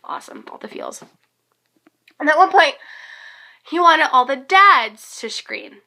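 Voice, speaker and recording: A teenage girl with a hoarse voice, rambling and gushing in a casual vlog recap, full of fillers. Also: high-pitched, expressive, a little slow, bright, forceful tone. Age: teens. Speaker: concert fan vlogger.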